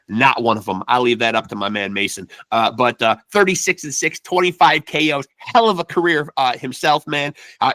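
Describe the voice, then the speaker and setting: A man's voice: mid-range voice, bright, forceful tone, no room sound. A man hosting a podcast in loose, profane casual chat, tacking "man" onto nearly every phrase. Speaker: podcast host.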